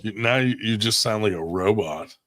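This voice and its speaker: A man's voice: fairly low pitch, normal speed. A man hosting a podcast in rambling casual chat, swearing freely. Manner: profane, rambling and animated. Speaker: podcast host.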